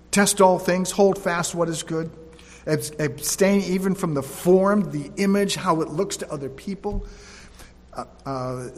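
A man delivers a sermon with a somewhat high voice, reading scripture aloud before breaking into plain, conversational explanation. His voice rings out with a long reverb, as in a large sanctuary. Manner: reads verses aloud then explains in plain conversational asides. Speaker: pastor. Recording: echoey hall with long reverb.

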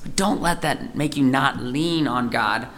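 A man's voice: medium pitch, a little slow, a bit bright. A man giving an informal, conversational sermon as a lay preacher, rambling and heartfelt. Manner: conversational, rambling, gets emotional.

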